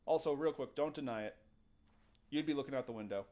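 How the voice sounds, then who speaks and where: Brisk and mid-range in pitch, this podcast host spins a ghost story on a casual show. He keeps it lively with jokes and acted-out quotes.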